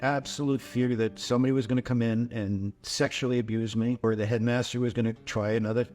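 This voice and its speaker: An older man recounting his life in a personal testimony, halting and repeating words as he goes. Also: mid-range voice, steady tone, a little mellow, soft background music.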